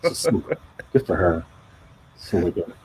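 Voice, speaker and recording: A man's voice: deep voice, animated, slow pace, darkish tone, husky, poor audio. A middle-aged man chatting casually on a live drawing stream, rambling and self-deprecating. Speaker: comic artist hosting a live drawing stream. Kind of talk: casual chat.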